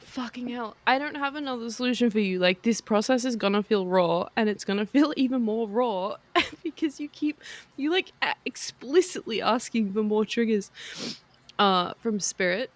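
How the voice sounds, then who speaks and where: A woman's voice: fairly high pitch, normal speed. Giggling, teasing woman who swears freely. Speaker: podcast co-host, medium. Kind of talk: casual chat.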